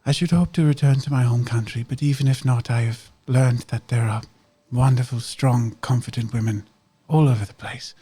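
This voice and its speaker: A man voicing a tired, earnest young girl who speaks softly and formally. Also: mid-range voice, steady tone, moderate pace, few pauses, breathy edge, close to an everyday voice. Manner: soft, sincere, formal phrasing.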